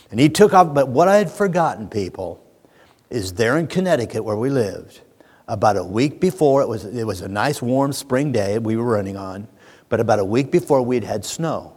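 A male pastor delivers a sermon, speaking straight to the congregation. His voice drops low and soft, then rises to a booming pitch. Long reverb from the hall trails after every phrase. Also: lively intonation, moderate pace, slightly rough. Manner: storytelling that swings from hushed to booming; addresses the congregation directly. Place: church sanctuary.

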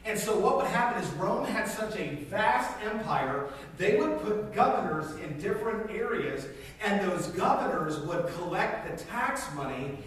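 A male preacher with a fairly high voice delivers an animated, conversational sermon and acts out scenes in different voices. He sits well back from the mic in a very echoey church hall, and faint noise hangs under his words. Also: unhurried, recorded from a distance. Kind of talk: sermon with storytelling.

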